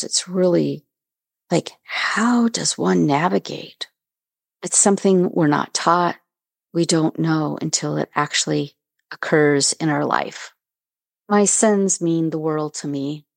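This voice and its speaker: Middle-aged woman, low voice, gravelly, earnest reflective storytelling, dry close sound. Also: a little mellow, no echo. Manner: earnest, reflective retelling with reenacted dialogue. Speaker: podcast host. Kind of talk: personal storytelling.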